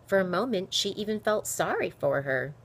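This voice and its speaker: A woman reading a children's novel aloud with expressive storytelling. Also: medium pitch, moderate pace, breathy edge. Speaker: reader.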